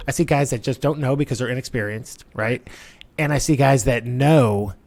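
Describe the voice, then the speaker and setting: A man's voice: medium pitch, moderate pace. Man telling construction stories casually. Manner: storytelling, animated, frequent "you know". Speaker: co-host, construction manager. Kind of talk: casual podcast chat.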